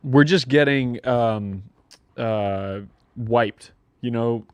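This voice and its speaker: A man's voice: mid-range voice, extremely slow, clear, resonant tone, no echo. A man co-hosting a casual studio chat, laid-back and playful.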